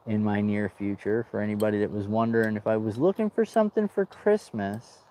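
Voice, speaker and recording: A boat restoration vlogger with a lowish, warm voice talks at a moderate pace with few pauses. Working on his boat outside, he chats with viewers, rambling, joking and calling them dude.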